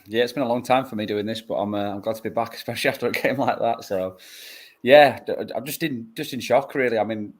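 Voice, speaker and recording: A man on a football podcast panel, talking haltingly with frequent stops and restarts. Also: mid-range voice, slightly rough. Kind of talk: casual match-reaction chat.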